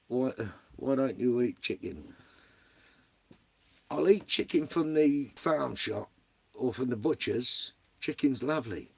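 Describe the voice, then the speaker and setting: Middle-aged English guy, gravelly voice, blunt and rambling, swears constantly, chatting to viewers on a livestream. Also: medium pitch, darkish tone, no room sound. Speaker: vlogger. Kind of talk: casual livestream chat, answering viewers.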